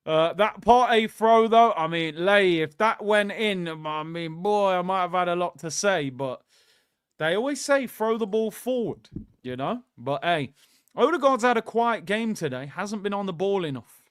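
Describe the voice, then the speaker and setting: A man's voice: high-pitched, expressive, moderate pace, clean tone, no echo, studio quality. Casual man hosting a football watchalong. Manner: casual, opinionated, conversational, addresses viewers directly. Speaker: host of a live football watchalong. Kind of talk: live watchalong commentary, reading out chat.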